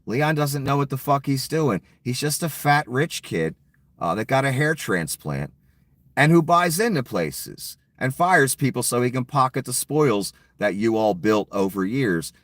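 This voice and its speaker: A man's voice: mid-range voice, a bit bright, no room sound. A middle-aged man delivering an angry political rant to his viewers, sarcastic and mocking, swearing freely. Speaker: political commentary vlogger.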